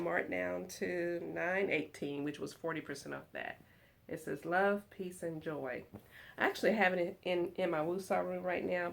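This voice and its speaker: A woman vlogging from her lounge room at home, chatting excitedly and giggling as she talks to her viewers. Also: fairly low pitch, gravelly. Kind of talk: casual chat to viewers.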